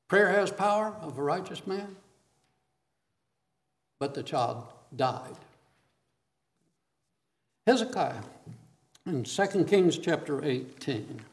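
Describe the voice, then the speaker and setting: A man preaching a sermon, reading scripture aloud and asking questions of his listeners. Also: fairly high pitch.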